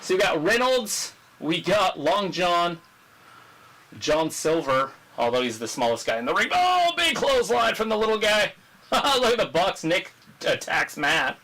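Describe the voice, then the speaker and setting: A man hosting a casual live wrestling watch-along, chatting, joking and reading viewer comments aloud while his voice grows hoarse. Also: sits high, sing-song, unhurried, bright, forceful tone, rough recording. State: losing his voice. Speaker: livestream host.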